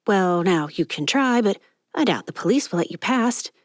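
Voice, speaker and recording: A woman's voice: mid-range voice, lively intonation, moderate pace, dry recording, studio quality, lightly acted. A woman voicing a chatty young male elevator attendant in an audiobook, folksy and gossipy. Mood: suspicious.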